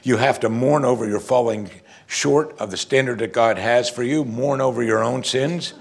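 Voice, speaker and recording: A middle-aged male pastor preaches with a husky, slightly breathy voice at an ordinary middle pitch. He hammers his points with emphasis, pausing for musing hums and asking his listeners rhetorical questions.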